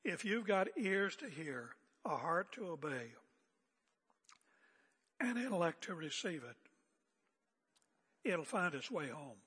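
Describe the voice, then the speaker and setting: An older man preaching a sermon as pastor, seated and speaking in a calm, conversational way with rhetorical questions. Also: on the high side, takes it slowly, long pauses, slightly rough, big-room sound. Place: church sanctuary. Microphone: seated at pulpit area mic.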